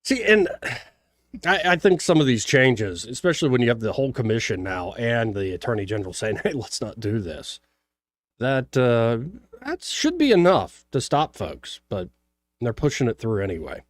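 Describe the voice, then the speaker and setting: A man's voice: medium pitch, very animated, moderate pace, no echo. A man hosting a radio talk show, reading news headlines and riffing on them with jokey asides. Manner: jokey, reads headlines then riffs with asides. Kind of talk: casual talk radio chat.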